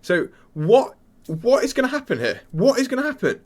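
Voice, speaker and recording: A young man hosting a crypto channel, talking casually and excitedly to viewers, rambling and stumbling as he searches for words. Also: extremely high pitch, normal speed. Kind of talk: casual excited commentary to camera.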